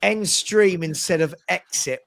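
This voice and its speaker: High-voiced man hosting a live stream. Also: measured pace, gravelly, fairly bright tone. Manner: chatty, reads out viewer messages. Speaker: livestream host. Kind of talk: casual live watchalong chat.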